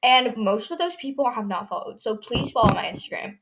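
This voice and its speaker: A woman's voice: on the high side, lively intonation, fairly quick, a bit bright. A teenage girl hosting her own podcast, talking casually and sarcastically with lots of fillers. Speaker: podcast host. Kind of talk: casual solo podcast chat.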